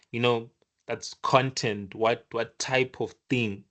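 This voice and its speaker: With a mid-range voice, a male instructor walks through code on his shared screen. His delivery is relaxed and animated, punctuated by false starts and playful bits voicing the computer's reprimands.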